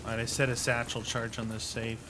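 A man's voice: medium pitch, completely flat delivery, a little fast, sharp tone, a little hiss or hum. Playful man chatting over co-op gameplay. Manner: playful, hums and makes silly sound effects. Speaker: co-op gaming channel host. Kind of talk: casual gameplay chat.

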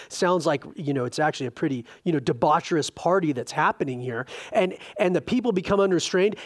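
Chatty pastor with a higher voice. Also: male voice. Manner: chatty and informal, retelling scripture with animated asides. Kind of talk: conversational Bible teaching.

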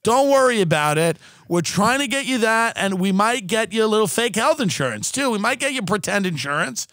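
A patronizing female politician lectures in a high, mocking tone, put on by a man. The recording is dry and close. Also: sing-song, fairly quick, fairly bright tone, no echo, exaggerated voice. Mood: condescending.

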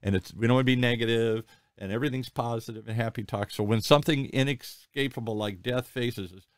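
A man in his sixties hosting an interview, telling personal stories in a candid, rambling, animated way. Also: medium pitch, a little fast, no echo, clean studio sound. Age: 60s. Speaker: podcast host. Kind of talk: conversational interview.

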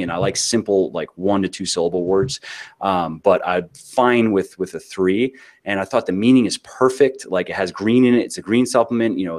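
A man giving an interview about his business, talking casually with many restarts and filler words. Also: deep voice. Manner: rambling, frequent restarts and filler words, acts out quotes; casual, swears now and then. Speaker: interview guest, author and fitness business owner.

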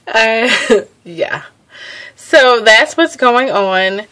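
A woman's voice: a little high, expressive, drawn-out words, a bit bright. A young adult woman giving a casual vlog update, chatty and a little out of breath, laughing often and restarting her sentences. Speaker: pregnancy vlogger.

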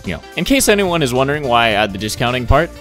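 A young man giving sarcastic, excitable voice-over commentary on his gaming, cursing freely. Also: medium pitch, very fast, faint music behind. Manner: excitable, sarcastic, swears a lot. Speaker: gaming YouTuber.

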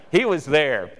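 A male guest preacher delivering a sermon, telling stories and acting out the dialogue with lively shifts. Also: fairly high pitch. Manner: animated storyteller acting out dialogue. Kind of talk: sermon storytelling. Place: church sanctuary. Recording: church hall reverb.

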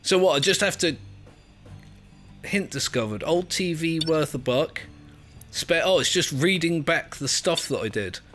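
An English man in let's play mode, chattering away and poking fun at himself as he fumbles through a game. His voice sits a bit high and leaps about in pitch. He laughs easily and reads the prompts out loud. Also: lively intonation, measured pace, soft background music. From England. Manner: chatty, self-mocking, laughs often, reads on-screen text aloud. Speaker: gaming video creator.

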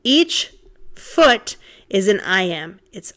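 A woman's voice: medium pitch, sing-song, drawn-out words, fairly bright tone. Casual woman lecturing on poetry slides. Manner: casual and conversational, thinking aloud, frequent ums, counting out beats. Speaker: literature instructor. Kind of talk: recorded lecture over slides.

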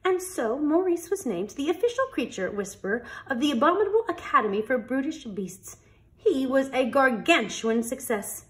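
Animated woman reading a storybook. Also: sits high, normal speed. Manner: expressive, animated read-aloud. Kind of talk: reading a picture book aloud.

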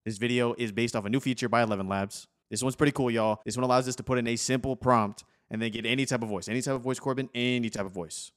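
A young man hosting a casual tech tutorial, upbeat and chatty, who says "y'all". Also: mid-range voice. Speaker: host.

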